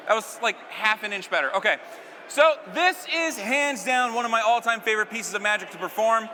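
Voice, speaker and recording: A man's voice: very high-pitched, a little fast, sharp tone, big-room sound, slight background noise. A man performing stage magic on a live stage, keeping up joking banter with a volunteer and the crowd.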